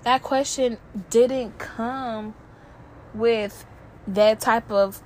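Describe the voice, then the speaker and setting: A young woman hosting a podcast, speaking candidly in a halting, emotional monologue with many fillers and some swearing, close to tears at times. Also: on the high side, steady tone. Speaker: podcast host. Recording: faint background noise.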